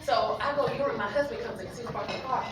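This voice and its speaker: A woman comic on stage, telling a loud, animated story and putting on voices. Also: on the high side, rapid-fire. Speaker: stand-up comic. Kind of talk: stand-up comedy set. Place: comedy club stage. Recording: roomy, distant club recording with loud crowd. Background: audience laughter and room noise.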